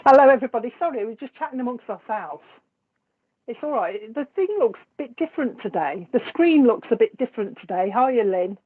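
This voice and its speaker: A woman's voice: on the high side, animated, fairly quick, slightly rough. A woman, a psychic medium hosting a live stream, chatting casually with viewers and laughing often between remarks. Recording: tinny phone-like sound.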